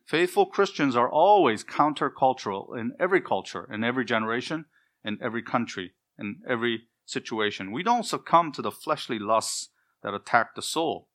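A man's voice: medium pitch, lively intonation, fairly quick, a bit bright. A middle-aged man preaching an expository sermon, earnest and emphatic, building his points in repeated lists.

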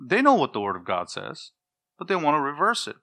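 A man's voice: a little high, huge pitch swings, a little fast, gravelly, sharp tone. A man preaching an expository sermon, working verse by verse through scripture and driving home stern rebukes with rising emphasis.

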